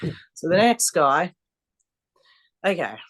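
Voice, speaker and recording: A woman's voice: on the low side, takes it slowly. A woman, a strongwoman athlete telling blunt, swear-filled stories in a casual interview. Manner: blunt, swears freely, animated storyteller. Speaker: podcast guest, strongwoman athlete.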